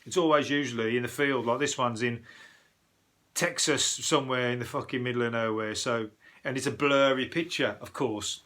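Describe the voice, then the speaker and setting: Rambling sweary comedian. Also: male voice, medium pitch, fairly bright tone. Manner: rambling, swears a lot, loses his thread. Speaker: podcast host, comedian. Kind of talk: casual comic news chat. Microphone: cheap earbuds mic.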